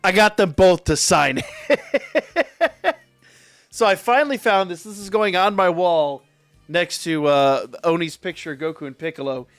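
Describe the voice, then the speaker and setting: A rambling man swears freely as he tells a story on a live stream. His voice sits a little high and sounds dry and close, with soft music playing behind him. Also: measured pace, pauses often, no room sound. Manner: rambling, profane, animated storyteller.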